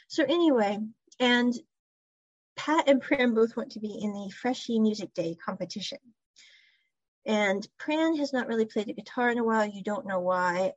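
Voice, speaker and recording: A woman chats through an episode recap in a loose, rambling way, circling back with casual asides. Her voice sits a little high and comes across husky. The recording is dry and dull, with a lo-fi sound. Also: animated, normal speed, no echo. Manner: rambling retelling with "so anyway" asides. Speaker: series reviewer.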